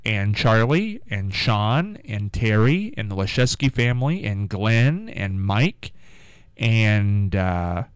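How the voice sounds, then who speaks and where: A man's voice: on the low side, sing-song, slow pace, smooth, no echo. Upbeat, folksy male radio host. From Midwest US. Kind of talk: casual radio chat.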